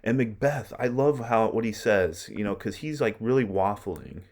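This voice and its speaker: A man's voice: fairly low pitch, expressive, moderate pace, a little mellow. A male literature teacher lecturing on a play in a conversational way, often checking in with his listeners. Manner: conversational, keeps checking with "right?".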